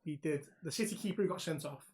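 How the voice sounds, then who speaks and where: A man's voice: fairly high pitch, quick pace. Laughing man telling stories. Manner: animated storyteller, laughs often, swears freely. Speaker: podcast co-host. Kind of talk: casual chat.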